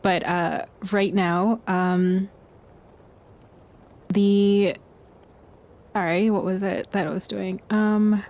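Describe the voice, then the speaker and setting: A woman's voice: medium pitch, steady tone, drawn-out words, long pauses, darkish tone. A woman narrating as game master of a tabletop game, meandering with many ums and self-corrections.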